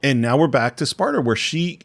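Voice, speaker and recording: A man's voice: medium pitch, lively intonation, moderate pace, vocal fry. A man co-hosting a movie podcast, animatedly retelling scenes with acted quotes in a casual chat. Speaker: podcast co-host.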